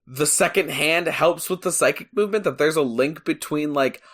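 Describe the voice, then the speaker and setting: A podcast co-host chatting casually, with animated, joking and incredulous storytelling. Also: mid-range voice, normal speed. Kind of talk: casual chat.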